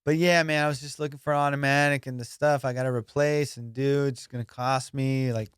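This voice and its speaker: Animated, profane man telling a story. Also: mid-range voice, brisk, clean tone, no echo, studio quality. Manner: animated, profane, acts out both sides of a haggle. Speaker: podcast host. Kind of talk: casual storytelling monologue.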